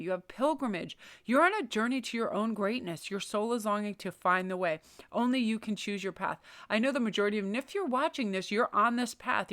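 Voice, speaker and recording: Woman tarot reader, encouraging and direct, medium pitch. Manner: warm, encouraging, speaks directly to the viewer. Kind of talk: pick-a-card tarot reading.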